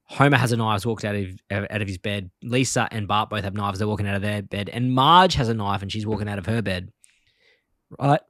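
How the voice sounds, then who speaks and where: A man's voice: fairly low pitch, a little fast, fairly bright tone, dry recording. Rambling male podcast co-host, dry sound. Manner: rambling, loose recap with fillers. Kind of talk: casual chat.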